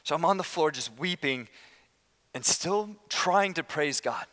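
A man preaching a sermon as pastor, impassioned, swinging from loud declarations to hushed, slow appeals. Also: fairly high pitch, expressive, long reverb tail.

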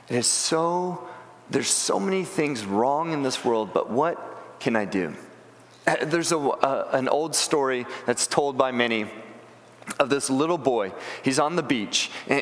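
A man's voice: mid-range voice, a bit bright, long reverb tail. A man preaching a sermon, earnest and plain-spoken, often restarting his words. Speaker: pastor.

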